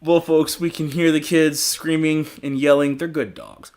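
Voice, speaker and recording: A man's voice: on the high side, fairly even intonation, moderate pace, darkish tone. A young man hosting a casual livestream podcast, rambling loosely, swearing freely and laughing often. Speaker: podcast host.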